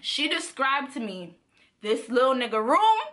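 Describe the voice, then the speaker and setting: Bright-voiced young woman telling a story. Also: high-pitched, a little slow. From Caribbean. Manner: animated, slangy, laughs often. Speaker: vlogger. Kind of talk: casual storytime.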